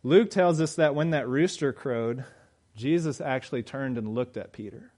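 A man preaching a sermon, moving from quiet reflection to loud, fervent emphasis. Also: mid-range voice, normal speed.

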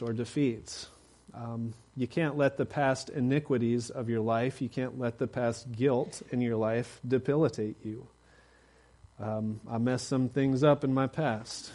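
A man preaching a sermon in a conversational way, with plenty of fillers, building to loud emphatic urging at times. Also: mid-range voice. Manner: conversational, rising to emphatic exhortation.

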